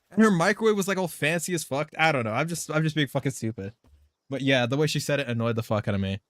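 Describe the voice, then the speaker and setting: A man's voice: medium pitch, fairly bright tone, dry recording, clean studio sound. A man live streaming a game, chatting casually in a loose, rambling way, swearing and laughing often.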